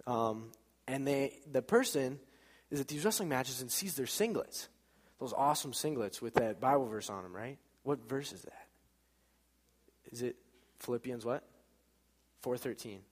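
Guy giving a laid-back church talk, chatty, acts out little conversations, big echoey hall, mid-pitched voice. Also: animated, moderate pace, pauses often, husky. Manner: casual and chatty, acts out dialogue, laughs at own stories. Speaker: church speaker. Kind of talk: informal sermon with storytelling.

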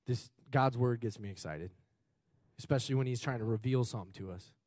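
A man preaching a sermon in a church hall on a mic. He is loud and excitable and swings between shouting and quiet asides. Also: medium pitch, brisk, clean studio sound. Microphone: handheld or stage mic.

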